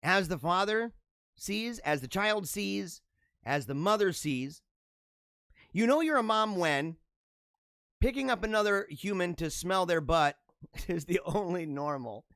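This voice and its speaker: A man's voice: sits high, expressive, measured pace, pauses often, a bit bright, no room sound, clean studio sound. A man in his forties hosting a casual solo show, reacting to memes with jokey, chuckling asides. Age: 40s. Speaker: podcast host.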